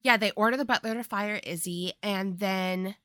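A woman's voice: medium pitch, moderate pace, a bit bright, dry recording, studio quality. A woman co-hosting a podcast, steadily retelling a movie plot in casual chat and agreeing often with her partner. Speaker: podcast co-host.

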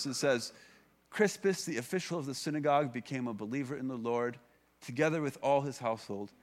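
A man in his thirties preaches to his congregation in a relaxed, chatty way. He stops and restarts his sentences often and drops in filler words as he goes. His voice sits at an ordinary middle pitch. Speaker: pastor. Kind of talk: sermon.

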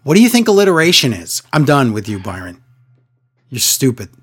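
A man's voice: medium pitch, wildly swooping pitch, brisk, fairly bright tone, breathy edge. A man co-hosting a casual wrestling recap, sarcastic and exasperated, often mimicking wrestlers in a raised voice. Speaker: wrestling podcast co-host.

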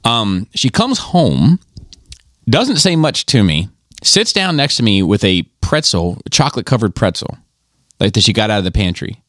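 Casual podcast man, middle-aged, low, animated delivery, rambling and profane, dry sound. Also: moderate pace, dry recording. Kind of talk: casual chat.

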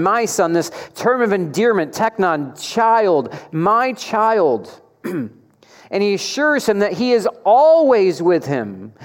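Male pastor, higher-pitched, delivering a sermon with rhetorical questions; long church reverb. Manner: rhetorical questions, animated emphasis.

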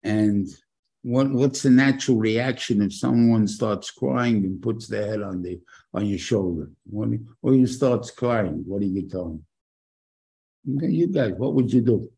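An older rabbi teaches an informal class, talking casually and asking his listeners questions. His voice is dark, gravelly and husky. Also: fairly low pitch, unhurried, low-quality recording. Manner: conversational, asks the listeners rhetorical questions. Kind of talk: informal Torah lecture.

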